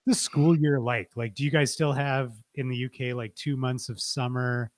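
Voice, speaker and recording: A man's voice: medium pitch, moderate pace, no room sound. A man from Canada hosting a casual interview and asking curious questions, often restarting his sentences. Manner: relaxed, curious, hesitant restarts.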